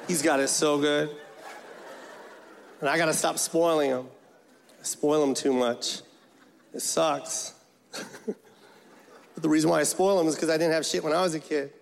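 High-voiced stand-up comedian, animated and profane. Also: male voice, moderate pace, gravelly, long pauses. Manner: animated storytelling, acts out characters, profane. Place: large theater stage. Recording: live show with loud crowd laughter. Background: audience laughing.

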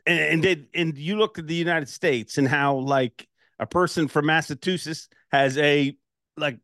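A man's voice: fairly high pitch, fairly even intonation, moderate pace, fairly bright tone, no echo, studio quality. Laughing, chatty male podcast host. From Ireland. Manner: storytelling, laughing, lots of "like". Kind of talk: casual interview chat.

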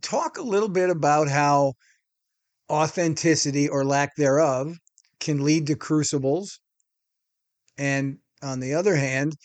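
A man cohosting a podcast, framing his questions at length in a measured way. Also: on the high side, no echo.

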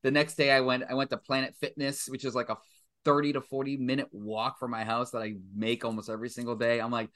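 Bright-voiced, foul-mouthed man rambling candidly. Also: medium pitch, level tone, fast talker. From Stoughton, Massachusetts. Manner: rambling, profane, self-mocking. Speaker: guest filmmaker. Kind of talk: casual podcast chat.

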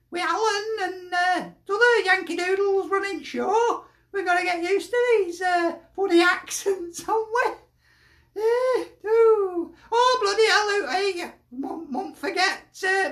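A woman's voice: very high voice, a bit bright, reverberant. A woman with a Lancashire accent, a football fan sending in a chatty, jokey video message and laughing often.

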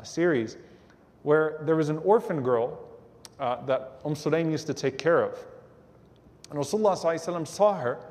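A man giving a religious lecture, telling a story in an animated way and acting out the voices of the people in it. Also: medium pitch, big-room sound. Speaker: Islamic lecturer.

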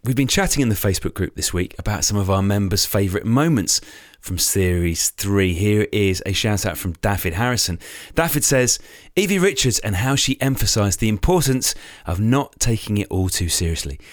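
A man's voice: fairly low pitch, moderate pace, no room sound, studio quality. A man hosting a cycling club podcast in an upbeat, chatty way. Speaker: podcast host, club chairman. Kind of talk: casual podcast chat.

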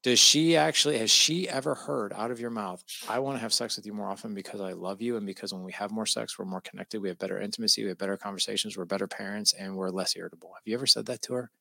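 A man's voice: fairly low pitch, racing, creaky, few pauses, dry recording. A middle-aged man telling a personal story in casual conversation, acting out the voices of the people he quotes. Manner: animated, acts out quoted dialogue. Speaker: podcast guest.

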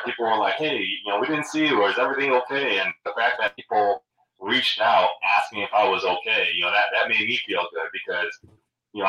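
A middle-aged man talks casually as a show guest, pausing often with ums and restarting his sentences. His low voice has a bright, forceful edge. He sounds set back from the mic in a roomy space. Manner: hesitant, many ums and restarts. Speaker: guest super fan. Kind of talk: casual chat. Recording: roomy echo, distant from the mic.

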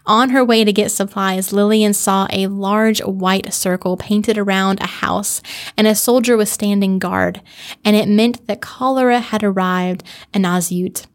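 A woman telling a true history story on a podcast in an earnest, conversational way, slowing down for dramatic emphasis. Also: mid-range voice. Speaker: podcast narrator.

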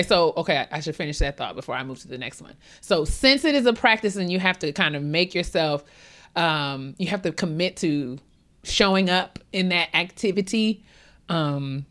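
A woman's voice: fairly low pitch, a bit bright. A woman co-hosting a podcast, giving candid, rambling advice in slangy casual chat with laughs along the way. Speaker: podcast co-host.

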